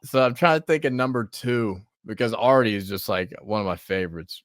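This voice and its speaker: A man's voice: on the low side, brisk, no room sound, studio quality. A man hosting a podcast in casual chat, laughing often and swearing freely. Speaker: podcast host.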